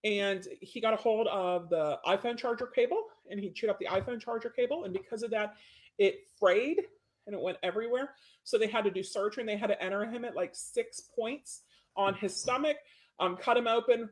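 A woman's voice: mid-range voice, a little fast. Chatty woman dog trainer talking from home. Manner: chatty, keeps checking in with "right?"; firm, matter-of-fact about discipline. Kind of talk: casual webinar podcast talk.

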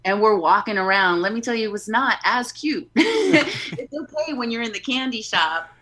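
This woman, a haunt performer appearing as a podcast guest, chats casually in a fairly high voice at an ordinary pace. She's an animated storyteller who laughs a lot and acts out what other people said.

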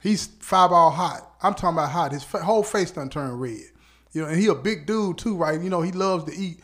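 Animated man spinning a casual story. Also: on the high side, fairly quick. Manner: animated, laughs often, peppers speech with "you know what I'm saying". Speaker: podcast host.

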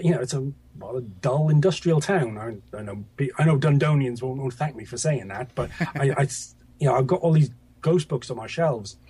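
A man's voice: mid-range voice, darkish tone, slight background noise. A middle-aged man from Scotland, a guest author talking over a video call, hesitant with many fillers and restarts.

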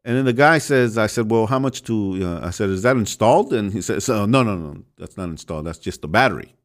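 A man's voice: fairly low pitch, lively intonation, fairly quick. Rambling man telling a sermon story. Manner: rambling, self-interrupting, chuckles, addresses listeners as folks. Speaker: podcast host preaching.

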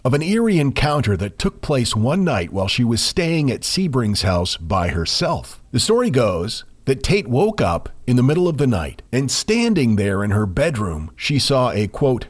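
A man co-hosting a podcast, telling a ghost story in a measured way with dramatic pauses. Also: medium pitch, very animated. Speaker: podcast co-host.

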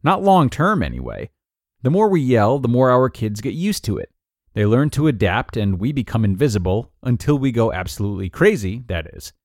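Lively man reading a podcast article. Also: mid-range voice, moderate pace, dry recording, clean studio sound. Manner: lively, expressive reading, acting out quoted lines. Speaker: podcast host and narrator. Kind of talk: reading a parenting article aloud.

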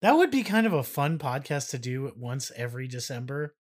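A man's voice: medium pitch, big pitch swings, a little fast. A man co-hosting a casual podcast, rambling and trailing off. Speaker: podcast co-host. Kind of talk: casual chat.

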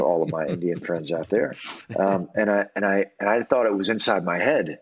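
Earnest low-voiced man telling a story. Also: dull audio, a little hiss or hum. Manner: halting, many restarts and fillers, earnest. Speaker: guest. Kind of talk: personal storytelling in an interview.

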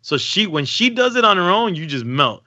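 A man chatting casually on a podcast, telling lively stories and swearing freely, often acting out other people in a squeaky falsetto. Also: normal speed, no room sound, dull audio. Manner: animated storyteller, acts out voices in high falsetto. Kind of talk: casual chat.

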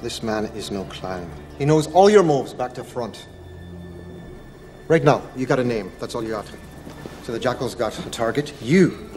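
An actor playing a stern man who speaks in a measured, grim way, heard in a film clip. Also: mid-range voice, lively intonation, darkish tone, soft background music, lightly acted. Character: stern male agent issuing a grave warning. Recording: film clip with long reverb and a tense musical score.

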